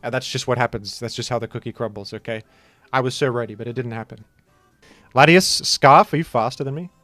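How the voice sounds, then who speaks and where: A man's voice: mid-range voice, a little fast, a bit bright, no echo, soft background music. A young man giving casual live commentary on his own competitive game, rambling and trash-talking his opponent in mock boasts.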